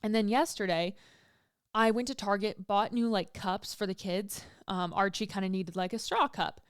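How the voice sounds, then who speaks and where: A woman's voice: medium pitch, steady tone, normal speed, clear, resonant tone, no room sound, studio quality. A young woman hosting her own podcast, talking candidly and casually, swearing freely and laughing at herself, pregnant and feeling emotional. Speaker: podcast host. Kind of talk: casual solo podcast chat.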